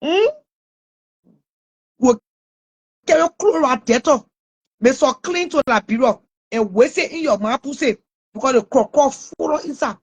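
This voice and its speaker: A woman's voice: high voice, moderate pace, long pauses, husky. A woman with a Liberian English accent, ranting and scolding someone online with mocking laughs. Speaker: online commentator. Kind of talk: taunting live rant.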